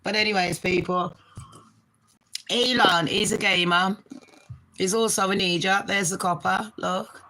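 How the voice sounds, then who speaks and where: Fast-talking, sweary British woman. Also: medium pitch, steady tone, sharp tone, a little hiss or hum, rough recording. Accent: British English. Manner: fast, sweary, chatty, addresses viewers as babes. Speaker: live-stream host. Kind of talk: casual live-stream chat. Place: her bedroom.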